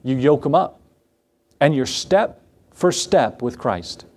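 A man's voice: mid-range voice, expressive, slow pace, a little mellow. A male pastor preaching a sermon in a conversational way, with rhetorical questions and repeated phrases.

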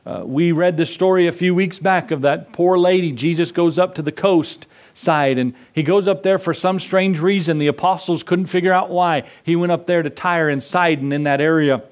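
A man's voice: fairly high pitch, fairly even intonation, normal speed, few pauses. A middle-aged male pastor preaching a sermon in a conversational way, acting out voices in his stories.

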